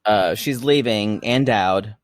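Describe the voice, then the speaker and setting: A man's voice: lowish voice, slow pace, dry recording, clean studio sound. A man co-hosting a casual comedy podcast from his apartment, recapping a reality show with bawdy, sarcastic jokes. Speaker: podcast co-host. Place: apartment room at home. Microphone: podcast microphone.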